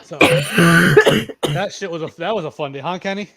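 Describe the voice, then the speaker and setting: A high-pitched man in his thirties, originally from Massachusetts, chatting over a headset mic. He tells loose, rambling stories, swears freely, and circles back to repeat himself. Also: measured pace, fairly bright tone. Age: 30s. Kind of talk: casual voice chat storytelling.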